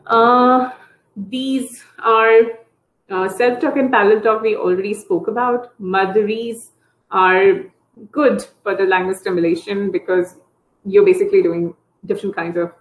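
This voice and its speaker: A woman therapist explains speech techniques to parents in an easy, mid-pitched voice. She often jumps into high, sing-song demonstrations of how to talk to small children. The sound is roomy and echoey, as from a video call. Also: steady tone, unhurried. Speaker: early intervention therapist. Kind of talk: online parent training talk.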